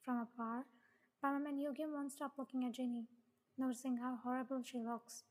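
A woman's voice: high-pitched, flat delivery, fairly quick. A woman reading a fan fiction story aloud, voicing the dialogue with emotion. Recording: long hall reverb.

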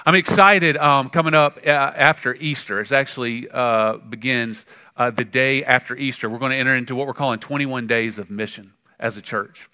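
A man preaching a sermon as pastor, conversational and animated, with frequent fillers and sudden emphatic rises. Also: medium pitch, moderate pace, smooth.

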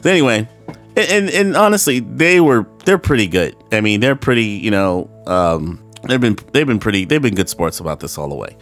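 A man with a low-pitched voice hosts a solo podcast and rambles from one tangent to the next. He swears freely, laughs often and puts on voices when he quotes people. Soft guitar music plays faintly behind him. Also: big pitch swings, fairly quick, hardly any pauses. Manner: acts out voices in quoted dialogue. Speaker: podcast host.

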